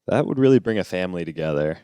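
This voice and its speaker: A man from New York co-hosting a podcast in casual chat, telling absurd jokes deadpan. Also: low-pitched, rapid-fire, clean tone, no echo. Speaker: podcast co-host.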